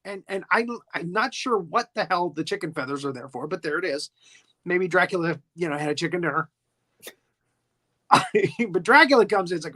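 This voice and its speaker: A man's voice: high-pitched, expressive, moderate pace, bright, forceful tone. A man hosting a podcast, recapping an old film in a chatty, playful way with frequent giggles. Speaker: podcast host.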